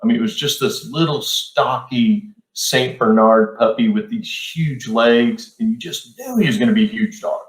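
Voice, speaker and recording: A man's voice: medium pitch, lively intonation, normal speed, few pauses. A middle-aged man hosting a casual storytelling chat, laid-back and rambling with plenty of fillers. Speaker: podcast host. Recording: roomy echo.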